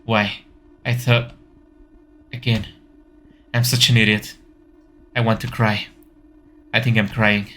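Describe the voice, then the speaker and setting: A man's voice: lowish voice, level tone, takes it slowly, pauses often, pushed and bright. A man reading the inner voice of a nervous, anxious teenage schoolgirl, hesitant and self-doubting. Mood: panicked.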